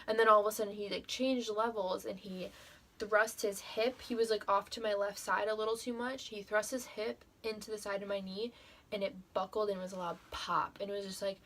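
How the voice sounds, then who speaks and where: A woman's voice: mid-range voice, steady tone, fairly quick, a bit bright. A young woman telling a personal story to the camera in a casual vlog, emotional and full of fillers, with frequent swearing. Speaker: vlogger.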